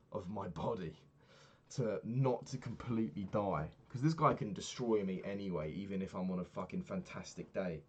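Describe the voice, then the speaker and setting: Deep-voiced man, casual swearing. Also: moderate pace, breathy edge. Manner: candid, swears often, animated when retelling annoyances. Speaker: personal trainer. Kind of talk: casual vlog recap.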